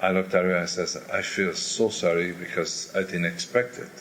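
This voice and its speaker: Older male singer, lowish voice, candid storyteller acting out crowd noise; faint background hiss. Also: normal speed. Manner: animated storyteller who imitates crowd noises. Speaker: opera singer telling stories. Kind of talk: candid interview anecdotes.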